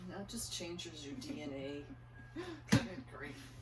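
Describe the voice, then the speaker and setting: A woman's voice: sits low, lively intonation, slow pace, very noisy. An older woman from eastern Idaho telling family stories in casual conversation, acting out her own panicked lines with animation. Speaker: interviewee, mother. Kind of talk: casual storytelling. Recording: roomy and distant.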